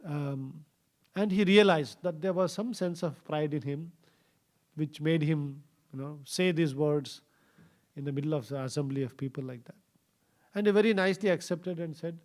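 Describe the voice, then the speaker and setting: A man giving a scripture class in a temple, telling a story with many fillers and pauses. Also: fairly high pitch, darkish tone. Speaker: scripture speaker. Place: temple hall.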